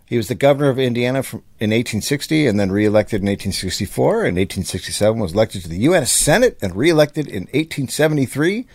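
A man's voice: medium pitch, lively intonation, fast talker, hardly any pauses, breathy edge, dry recording. A man on a comedy podcast reading old newspaper items aloud in a matter-of-fact way. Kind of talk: casual comedy podcast chat.

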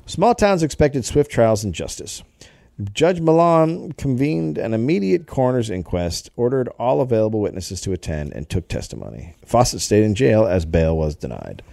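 Male podcast co-host, mellow and animated, reads the story and cracks asides. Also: on the low side, moderate pace, gravelly, no echo, clean studio sound. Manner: reads the story aloud with jokey asides and laughs. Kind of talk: comedic history storytelling.

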